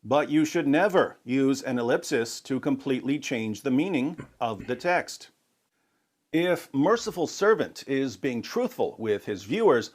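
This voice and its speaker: A man narrating a scripted video, making his argument in a measured, methodical way. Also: mid-range voice, a little mellow.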